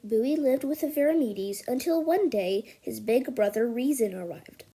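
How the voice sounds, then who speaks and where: A woman narrating a homemade stop-motion history movie in a lively way, switching between telling the story and speaking character lines. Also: a little high, moderate pace, breathy edge.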